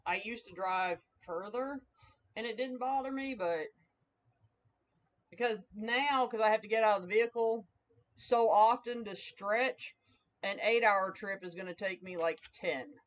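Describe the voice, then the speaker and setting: A woman's voice: mid-range voice, unhurried. A woman with a twangy Southern US accent, chatting casually with viewers while making a craft on a livestream. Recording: slightly dull lo-fi livestream audio.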